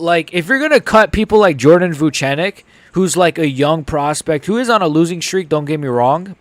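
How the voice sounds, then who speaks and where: A young man hosting a casual live reaction stream. He swings between mumbled asides and loud, excited outbursts. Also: a little high, dry recording. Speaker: host.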